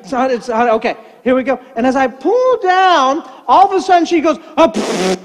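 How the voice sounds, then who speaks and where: A man's voice: very high voice, moderate pace, background noise. An older man, a pastor, telling a comic story in a sermon, acting out the voices in it. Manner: animated, acts out voices in a story.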